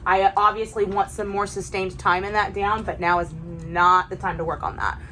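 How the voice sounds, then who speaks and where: A young woman dog trainer, explaining her session in a calm, soft-spoken way between gentle praise for the dogs. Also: medium pitch, moderate pace, a little hiss or hum, poor audio.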